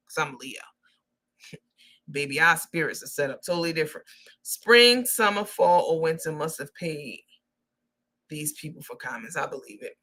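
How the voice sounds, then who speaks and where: Sassy profane gossip host, bright sharp voice, mocking delivery. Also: female voice, on the low side. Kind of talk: casual gossip commentary.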